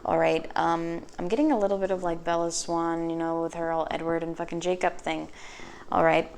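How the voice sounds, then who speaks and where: Woman tarot reader, lowish voice, chatty and sassy, lots of swearing and quick asides; faint noise behind. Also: level tone, darkish tone. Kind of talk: casual tarot reading.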